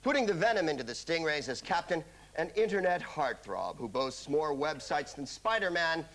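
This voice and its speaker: A man's voice: on the high side, very animated, moderate pace. A man hosting a comedy quiz show, delivering wry, scripted patter. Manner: wry, arch. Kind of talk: scripted comic host patter. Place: television studio. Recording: loud studio audience and noise.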